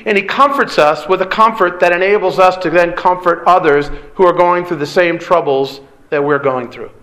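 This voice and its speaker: A man's voice: high voice, normal speed, fairly bright tone. A middle-aged man preaching a sermon, earnest and direct, asking the congregation rhetorical questions. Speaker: pastor.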